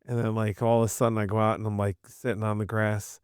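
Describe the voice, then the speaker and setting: A man's voice: on the low side, quick pace, clean tone, no room sound, clean studio sound. A middle-aged man telling a wild story in casual chat, swearing and acting out what others said. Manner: animated, acts out quotes in raised voices, swears, giggles.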